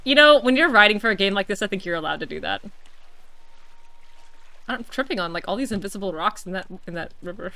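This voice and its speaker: A woman's voice: medium pitch, lively intonation, quick pace, long pauses, sharp tone, no room sound. A woman giving casual commentary while playing a video game, often breaking into long laughing fits. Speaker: gaming streamer.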